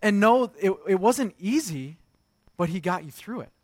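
A man's voice: sits high, lively intonation, moderate pace, no echo. A man in his thirties preaching a sermon, telling stories about his young sons in an easy, conversational way. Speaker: pastor.

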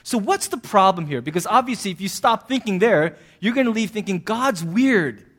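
A man with a high voice delivers a sermon as a pastor. He talks in a loose, conversational way and then breaks out into loud, emphatic bursts. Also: brisk. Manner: animated, conversational preaching with sudden bursts of emphasis.

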